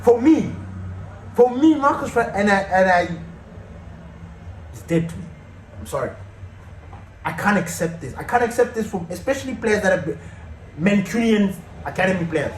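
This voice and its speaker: A man with a high voice delivers a heated fan rant, full of swearing and repeated outbursts. The room around him is echoey, with a faint hiss of noise underneath. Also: very animated, moderate pace, pauses often. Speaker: fan channel host. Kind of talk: ranting fan commentary.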